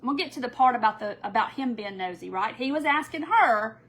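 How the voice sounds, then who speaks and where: Her voice fairly high and her pace quick, a middle-aged woman spins a rambling, animated story for viewers, whom she calls "y'all," during a live craft tutorial.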